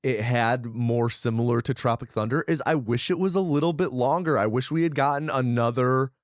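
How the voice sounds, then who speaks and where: A man's voice: medium pitch, brisk, no echo. Guy cohosting a movie podcast, rambly and loose, dry close mic sound. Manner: loose, rambling, restarts and hedges. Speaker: podcast co-host. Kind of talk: casual film discussion.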